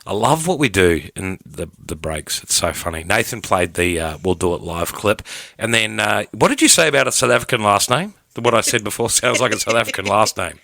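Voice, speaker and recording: A young Australian man hosting a boisterous breakfast radio show, loud and playful, laughing often. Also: lowish voice, animated, brisk, creaky, no echo, studio quality. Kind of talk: boisterous morning radio banter. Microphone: studio microphone.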